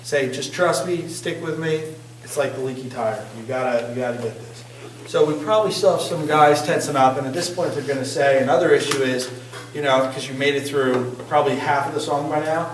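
Chatty singing coach in an echoey room. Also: male voice, medium pitch, brisk, slight background noise. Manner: chatty, joking, asks the group questions. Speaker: singing instructor. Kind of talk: casual workshop teaching. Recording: echoey room, distant mic.

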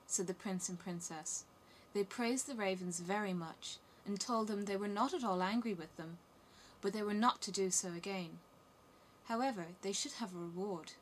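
A woman narrating a fairy tale as an audiobook, in a steady, clear storytelling manner. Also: mid-range voice, moderate pace, a little hiss or hum.

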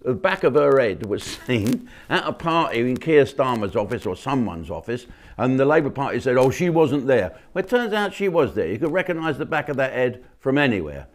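Older man, comic host, blunt and mocking, sweary rant, mid-pitched voice. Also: big pitch swings, moderate pace. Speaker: comedian and channel host. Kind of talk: rambling opinionated monologue.

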